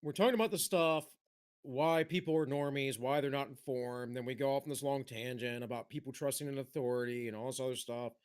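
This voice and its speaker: A man's voice: medium pitch, steady tone, fairly quick, smooth. A man co-hosting a casual podcast chat, talking in a rambling way with many restarts. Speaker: podcast co-host.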